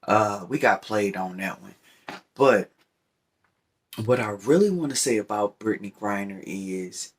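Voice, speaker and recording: Smoking as he talks, a deep-voiced vlogger rambles through his opinions at a measured pace with lively intonation, a breathy edge, and frequent pauses. He often checks in with the listener by saying "you know what I'm saying."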